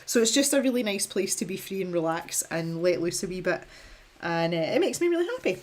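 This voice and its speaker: A young woman talks casually on a live stream as she paints. Her voice sits a little low, and she rambles in a self-deprecating way, laughing often. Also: sing-song, fairly quick. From Scotland. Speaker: art streamer.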